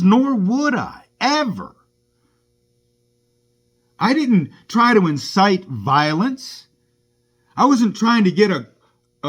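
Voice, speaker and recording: In a high, slightly bright voice, a rideshare driver tells the story of his run-in with police in the first person, his tone indignant and aggrieved.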